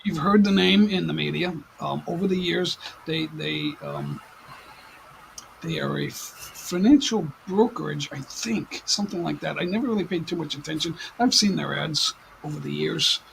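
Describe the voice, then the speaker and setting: An American man hosting a casual livestream chat from home, rambling and halting with many fillers and restarts, sitting a little back from his desk mic. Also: a little high, big pitch swings, creaky, a bit bright, slight background noise, low-quality recording. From United States. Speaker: livestream host. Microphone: desk mic at some distance.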